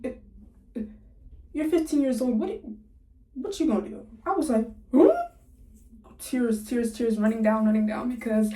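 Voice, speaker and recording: A woman's voice: on the high side, dark tone, far from the mic. Chatty nineteen-year-old woman, echoey room. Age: young adult, 19. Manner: chatty, laughs often, quick asides. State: sore jaw from recent surgery. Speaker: vlogger. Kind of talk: casual storytelling to camera.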